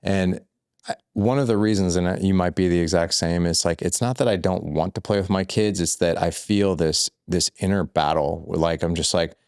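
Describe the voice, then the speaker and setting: A man guest on a podcast, telling animated stories that act out quoted lines, with lots of filler words. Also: deep voice, moderate pace, clear, resonant tone, no echo, clean studio sound. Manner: rambling, heavy use of filler words. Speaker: guest, fatherhood coach. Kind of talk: conversational podcast storytelling.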